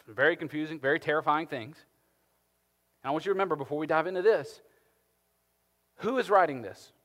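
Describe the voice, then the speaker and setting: A male pastor preaching a sermon, swinging between loud emphasis and hushed tones. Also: medium pitch. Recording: long hall reverb.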